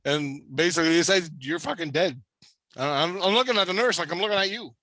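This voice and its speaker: A man's voice: sits high, animated, quick pace, sharp tone, dry recording. A man telling a long, rambling story in casual conversation, swearing constantly and talking with intensity. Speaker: storyteller recounting a spirit-world experience.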